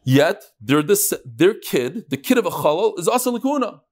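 A man teaching a Talmud class, animated, firing rhetorical questions at his students and often restarting his sentences. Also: high-pitched, normal speed.

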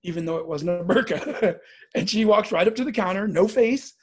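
Midwest guy telling a story, husky voice, does all the voices. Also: high voice, normal speed. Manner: animated, acts out the voices in his story. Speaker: guest telling a personal story. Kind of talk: casual spoken storytelling.

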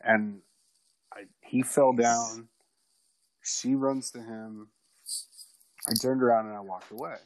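A man telling a personal story in a casual, animated way, swearing freely. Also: medium pitch, slow pace, long pauses, poor audio. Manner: animated, profane, acts out quoted people loudly.

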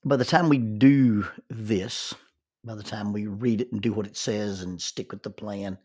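Older grandfather type, husky low-ish voice, halting reflective storyteller. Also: steady tone, darkish tone. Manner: halting, repeats words when starting sentences. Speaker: grandfather telling life-lesson stories.

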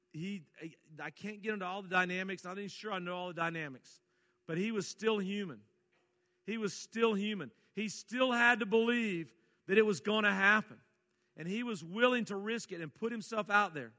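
A man preaching a sermon, folksy, reading scripture and moving between quiet asides and loud, emphatic calls. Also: sits high, moderate pace, big-room sound. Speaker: pastor.

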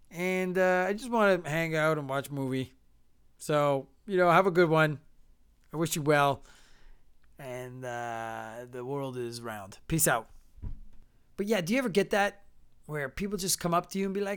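Canadian guy telling stories to his viewers, lively, smooth clear voice. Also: fairly high pitch, normal speed. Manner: animated, acts out quotes, laughs often. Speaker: vlogger. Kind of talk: casual storytelling.

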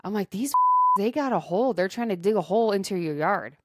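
A woman co-hosting a podcast in casual chat, telling stories in an animated way and often laughing. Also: mid-range voice, brisk, slight background noise. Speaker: podcast co-host. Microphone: dynamic podcast microphone.

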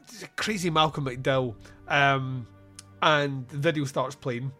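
A man's voice: mid-range voice, steady tone, a little slow, pushed and bright, faint music behind. A man hosting a podcast, chatting casually about a film, laughing often and acting out lines in silly voices. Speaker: podcast host. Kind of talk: casual film review chat.

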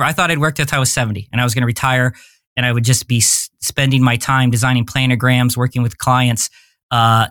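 A man's voice: mid-range voice, fairly bright tone, no room sound, clean studio sound. A man in his forties, a podcast guest telling his story in a candid, rambling way and often searching for words. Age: 40s. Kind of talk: casual interview storytelling.

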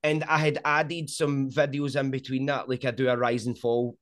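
A man's voice: medium pitch, moderate pace. A middle-aged Scottish man with a strong Scottish accent, telling stories animatedly in a casual interview. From Scotland. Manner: animated storyteller, frequent "do you know what I mean". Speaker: sumo content creator.

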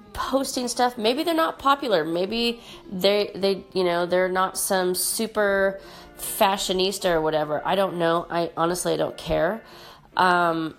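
A woman hosting her own podcast in casual solo talk, her voice nasal and congested from allergies, speaking candidly and emphatically with mild swearing. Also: on the low side. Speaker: podcast host.

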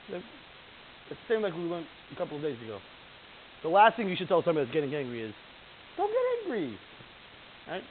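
Male Torah teacher, high and very animated, acts out quotes, heard over a tinny phone line. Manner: animated, acts out quoted voices, laughs often. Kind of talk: informal Torah class to a live group. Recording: tinny phone-line sound with faint hiss.

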